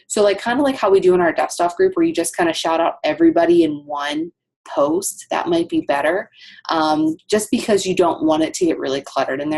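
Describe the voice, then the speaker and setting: A woman's voice: deep voice, fairly quick, creaky, a little mellow. A woman coaching her team on a casual call, chatty with lots of ums and asides.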